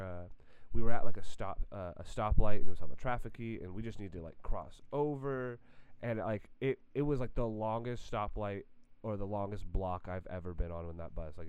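A man casually telling a story on a podcast, animated and full of filler words and restarts. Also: on the low side, clear, resonant tone. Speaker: podcast co-host.

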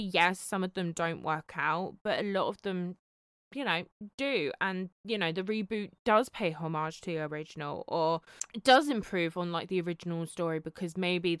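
A woman's voice: on the low side, fairly bright tone, clean tone, no room sound, studio quality. A woman co-hosting a horror podcast, chatting casually and rambling with lots of "you know" and "like". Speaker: podcast co-host. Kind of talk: casual chat.

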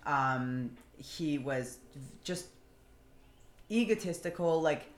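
Low-voiced woman in an echoey room. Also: lively intonation, slow pace. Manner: candid, self-deprecating, lots of fillers. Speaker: podcast guest. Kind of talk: casual confessional chat. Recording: echoey room, faint background noise.

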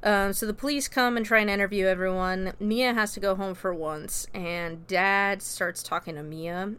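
A woman reviewer talks through a movie's plot in a relaxed, conversational way. Her delivery is rambling and filled with "like" and "you know", with casual profanity along the way. Her voice is smooth and clear, sitting at an ordinary pitch for a woman. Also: normal speed. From America. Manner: chatty, peppered with "like" and "you know", swears freely.

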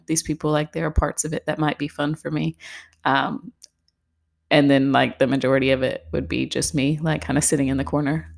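A young woman with a low voice speaks in a loose, rambling monologue, often pausing and laughing softly. She is heavily pregnant and a little out of breath. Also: vocal fry. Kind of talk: casual personal vlog monologue.

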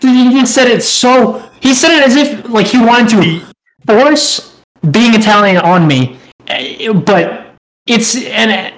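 A man's voice: very high voice, animated, takes it slowly, fairly bright tone, rough recording. A young man co-hosting a podcast, telling a rambling, profane story in casual chat and laughing as he goes. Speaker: podcast co-host.

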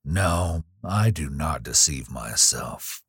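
A man voicing a dying, malicious old nobleman who speaks slowly in a menacing half-whisper. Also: very deep voice, lively intonation, a bit bright, husky, dry recording, clean studio sound, exaggerated voice. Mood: sneering. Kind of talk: audiobook reading.

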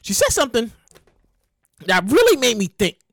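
A woman telling a story in a casual monologue, talking fast, laughing often and swearing freely. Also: fairly high pitch, wildly swooping pitch, no echo.

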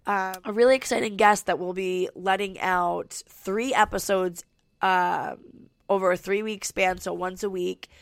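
Twenty-something mom podcaster, stuffy nose, gravelly fry, dry close sound, says like a lot. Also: female voice, medium pitch, steady tone, measured pace, no echo. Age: 20s. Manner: chatty, lots of "like" fillers. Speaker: podcast host. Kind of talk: casual podcast chat. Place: home studio.

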